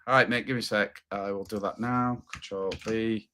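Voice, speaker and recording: A man's voice: lowish voice, steady tone, brisk, few pauses, a bit bright, slight background noise. A man hosting a livestream, reacting to clips with blunt, sceptical, swearing commentary. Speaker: livestream host.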